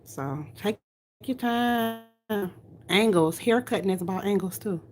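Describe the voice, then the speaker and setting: A woman with a gentle country twang chats on a livestream while she roots hair into a reborn doll. Her voice sits low and unhurried, loose and conversational. A faint hum of room noise stays behind her. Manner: chatty, talks while rooting doll hair. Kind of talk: casual livestream chat while working.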